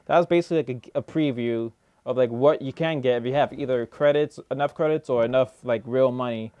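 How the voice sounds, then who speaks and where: A young man giving live commentary over his own gameplay, grumbling, swearing at teammates and putting himself down, with mumbled asides that break into sudden shouts. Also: medium pitch, fairly quick, lo-fi sound. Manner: frustrated, self-deprecating, swears and mutters at teammates. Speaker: gaming YouTuber.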